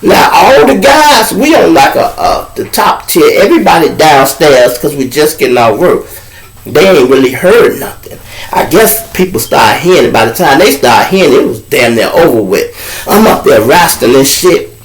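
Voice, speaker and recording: Guy spinning a wild story for his viewers, gravelly, pitch jumping all over, swears a lot. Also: moderate pace. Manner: animated, acts out voices in dialogue, heavy profanity. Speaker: show host telling a jail story. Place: at home with a lamp nearby.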